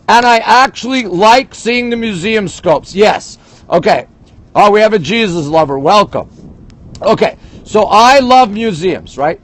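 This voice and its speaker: With a high voice captured poorly on his phone, an older man from Montreal rants to his live-stream audience in casual chat and reads out their comments. He's outside in a big city at dawn.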